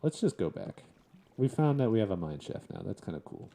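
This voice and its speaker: A man's voice: lowish voice, big pitch swings, a little fast, gravelly, warm tone. A young man casually commenting on his game as he plays, chatting and chuckling in a laid-back way. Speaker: gaming streamer. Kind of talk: casual Let's Play commentary.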